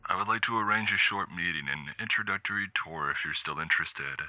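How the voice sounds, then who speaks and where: A man's voice: sits low, fairly quick, sharp tone, no echo, soft background music. A man voicing a polite, enthusiastic man with an old-fashioned lilt, heard over a phone call. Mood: eager, polite. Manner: enthusiastic, courteous.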